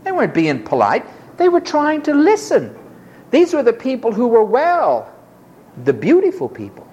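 A preacher delivering a sermon in an emphatic, dramatic way, dropping to low murmurs and rising to high exclamations as she acts out the people in the story. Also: huge pitch swings, moderate pace, darkish tone.

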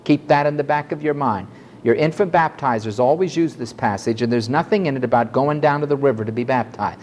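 A man preaching a fiery sermon to a congregation, swinging from loud outbursts to low, quiet asides. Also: a little fast, slight background noise. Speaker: pastor.

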